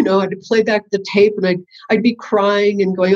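Older woman telling stories, husky voice. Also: mid-range voice, normal speed. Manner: animated, laughs often, acts out her inner thoughts. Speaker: interview guest, spiritual teacher. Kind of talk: casual storytelling. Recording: muffled lo-fi audio.

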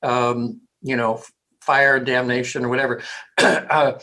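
A man, a hypnotherapist, speaking casually and rambling in an interview, with frequent throat clearing. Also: medium pitch, steady tone, a little slow, pushed and bright, low-quality recording.

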